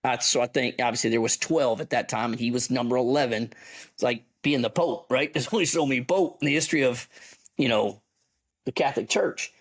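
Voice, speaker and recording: A middle-aged man, an army veteran telling a story as a podcast guest in an animated, profane way. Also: mid-range voice, a little fast. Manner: animated, profane yarn-spinner. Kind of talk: casual storytelling.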